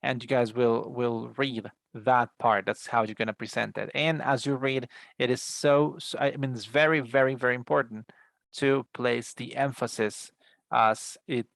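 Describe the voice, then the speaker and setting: A man's voice: medium pitch, fairly even intonation, moderate pace, gravelly, fairly bright tone, no room sound. A man giving an English class over a video call, explaining patiently with many fillers and restarts. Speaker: English teacher. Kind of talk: online class instructions.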